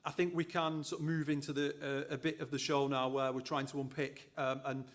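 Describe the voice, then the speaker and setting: A man's voice: a little high, little pitch movement, brisk. A man co-hosting a live university show, chatty and loose, with lots of fillers and restarts. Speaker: co-host, associate dean.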